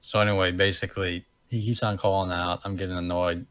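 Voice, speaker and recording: A man's voice: sits low, little pitch movement, brisk, fairly bright tone, smooth, no room sound. A young American man co-hosting a podcast, telling a story in a rambling, self-correcting way and laughing at himself. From United States. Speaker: podcast co-host. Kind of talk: casual storytelling chat.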